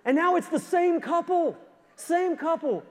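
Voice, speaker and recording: A male pastor preaching a sermon, telling stories in an animated way and often stumbling over repeated words. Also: extremely high pitch, unhurried, a little hiss or hum. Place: church sanctuary. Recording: long church hall reverb.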